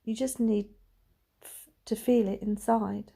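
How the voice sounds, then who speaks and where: A hushed, gentle mother murmuring comfort to her son in the dark, tender and worn out, as a woman reader puts her on. Her voice is mellow and low-key, kept barely above a whisper. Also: steady tone, takes it slowly, creaky, slightly rough, full character voice.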